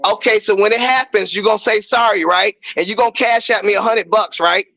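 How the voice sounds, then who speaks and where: Loud angry man with a high gravelly voice. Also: fairly quick. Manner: loud, angry, repetitive and profane. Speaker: home grower showing his tent. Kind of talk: heated live-stream argument.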